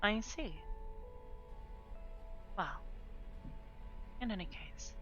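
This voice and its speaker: A woman's voice: mid-range voice, lively intonation, drawn-out words. A woman voicing a polite, composed synthetic woman who runs a space station, in a live role-play. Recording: dull lo-fi mic, faint music.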